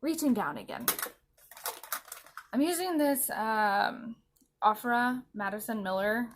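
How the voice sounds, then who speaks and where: A woman's voice: a little high, expressive, slow. Chatty woman vlogger doing her makeup. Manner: chatty, rambling, laughs often. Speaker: anime vlogger. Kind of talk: casual chat while doing makeup. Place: at home, applying makeup.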